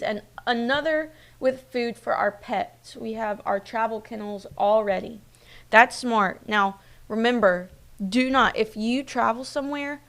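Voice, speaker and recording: A woman's voice: fairly high pitch, gravelly, a bit bright. A woman in her twenties hosting a streamed local news show, talking in a chatty, personal way with many fillers. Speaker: news host. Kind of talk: casual live-stream news chat.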